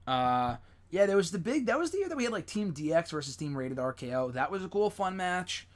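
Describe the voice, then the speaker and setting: A young man hosting a live stream, chatting casually and rambling, with plenty of fillers and excited swearing. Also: a little high, fairly quick. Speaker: host.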